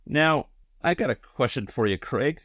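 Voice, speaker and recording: Guy cohosting a podcast, kinda halting, jokey, pitch bouncing around, dry mic. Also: animated, fairly bright tone, dry recording. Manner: hesitant, with restarts and a dry, joking tone. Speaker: podcast co-host. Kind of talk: casual chat.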